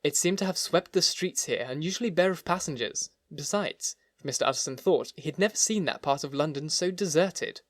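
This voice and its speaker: A man reading a classic novel aloud as an audiobook narrator, with measured, expressive storytelling. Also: on the high side, no echo, clean studio sound. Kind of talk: scripted narration.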